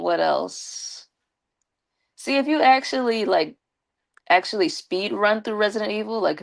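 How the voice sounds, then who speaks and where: A woman with a slight lisp, chatting casually with her viewers on a live stream and giving them shout-outs. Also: on the low side, creaky.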